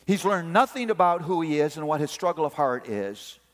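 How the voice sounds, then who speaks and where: Middle-aged male preacher, slightly high voice, storyteller, hall echo. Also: normal speed. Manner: animated storytelling, acts out family voices. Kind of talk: sermon on parenting. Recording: long hall reverb.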